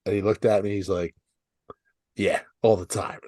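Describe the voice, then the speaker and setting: A man's voice: lowish voice, flat delivery, normal speed, darkish tone, dry recording, studio quality. A man co-hosting a podcast in casual chat, laid-back, swearing freely and saying "like" and "dude" a lot. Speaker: podcast co-host.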